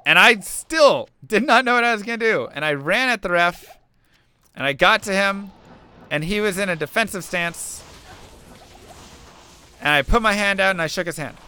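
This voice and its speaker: A man's voice: high voice, animated, moderate pace, pauses often, sharp tone, smooth. A young man streaming a game, chatting casually and telling an earnest story while making asides about the play. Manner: earnest storytelling, musing aloud between game remarks. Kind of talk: casual chat while playing.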